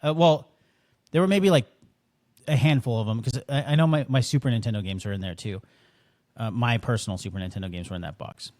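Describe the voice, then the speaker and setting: A man's voice: medium pitch, a little fast, a little mellow, no room sound, clean studio sound. A man co-hosting a podcast in casual chat, laid-back and hesitant, with many fillers. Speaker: podcast co-host.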